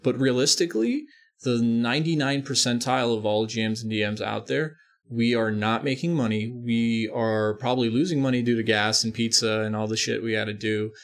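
Host: a man with a gravelly, mid-pitched voice, earnest and emphatic in casual chat. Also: fairly quick. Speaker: podcast host.

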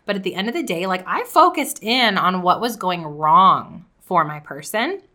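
A woman podcast coach teaching in an upbeat, chatty way and shifting her tone to demonstrate pitches. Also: lively intonation, normal speed, pushed and bright. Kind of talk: teaching video with example pitches.

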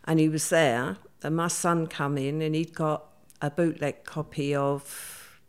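A middle-aged woman speaks in a lowish voice. She retells events in a vivid, hurried way, slipping into the voices of the people she quotes. Her delivery is conversational and unscripted. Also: steady tone, clear, resonant tone. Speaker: interviewee. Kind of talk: conversational storytelling.

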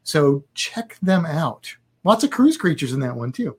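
A man's voice: on the high side, sing-song, unhurried, slightly rough. A man co-hosting a live podcast in a chatty, joking, upbeat way. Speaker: podcast co-host. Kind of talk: casual live podcast chat.

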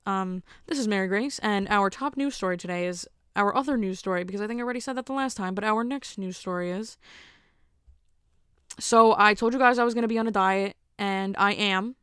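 A chatty woman hosts her podcast alone and rambles in a self-mocking way. Her voice is smooth and clear. The sound is close and dry. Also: medium pitch, fairly bright tone, no echo. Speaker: podcast host. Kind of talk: casual solo monologue.

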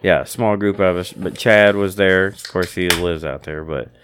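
A man's voice: low-pitched, moderate pace, noisy background. A man co-hosting a casual podcast, telling rambling stories and swearing easily as he chats. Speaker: podcast co-host. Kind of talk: casual chat. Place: small indoor shanty.

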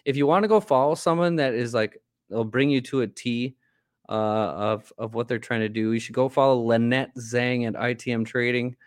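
A man's voice: mid-range voice, moderate pace, clean tone, no echo, studio quality. A man co-hosting a casual political podcast, rambling with many fillers and restarts. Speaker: podcast co-host.

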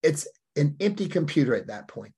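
A middle-aged man from Alabama, a life coach answering an interview question in an emphatic, animated way. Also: on the high side, a little fast, husky. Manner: emphatic, acts out quoted voices, punchy phrasing. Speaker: podcast guest, life coach.

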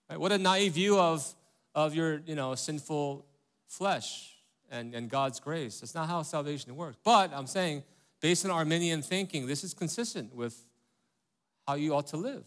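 A man's voice: fairly high pitch, a little slow, a bit bright. A man preaching a sermon as pastor, talking in a conversational way and asking rhetorical questions, often checking in with "right?" and "okay?".

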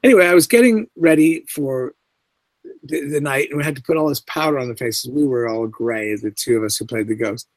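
A man's voice: medium pitch, brisk, no room sound. A middle-aged man, a guest actor, telling anecdotes in an interview and acting out the voices he quotes. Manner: animated storyteller who acts out quoted voices.

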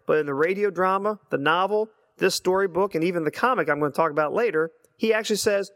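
With a high, slightly bright voice and a fairly quick delivery, a listener in his thirties leaves a voicemail. He reminisces earnestly and reads passages aloud, and the recording has a long hall reverb.

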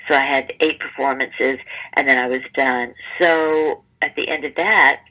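A woman in her seventies, a stage performer interviewed as a guest, telling stories in a lively conversational way and acting out the people in them. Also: rumbling low, unhurried, low-quality recording. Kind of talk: conversational storytelling.

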